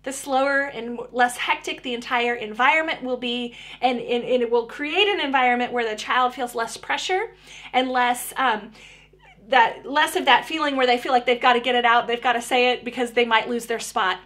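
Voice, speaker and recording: A woman's voice: fairly high pitch, normal speed, fairly bright tone. A woman speech therapist giving parents practical tips in a friendly, conversational way, often restarting her sentences.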